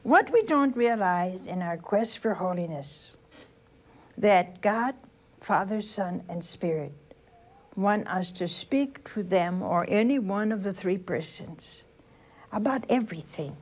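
Slow, lively older woman preaching. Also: medium pitch. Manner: slow storytelling with rhetorical questions to the listeners. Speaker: religious sister giving a spiritual talk. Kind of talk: homely sermon.

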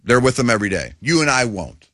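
A man's voice: mid-range voice, fast talker, husky, no echo, clean studio sound. A man co-hosting a sports talk show, talking casually and emphatically, often acting out what others might say. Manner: animated, emphatic, acts out quotes, says "you know" often. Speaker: sports radio co-host.

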